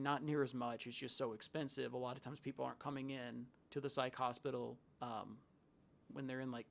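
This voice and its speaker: A man's voice: mid-range voice, vocal fry. A man who worked in a psychiatric hospital, telling stories in a loose, rambling way with restarts and quoted asides. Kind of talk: casual storytelling to camera.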